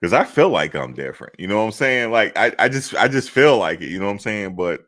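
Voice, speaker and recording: A man from New Jersey telling a travel story to camera in a casual, animated, slangy way, repeating himself for emphasis. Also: on the low side, quick pace.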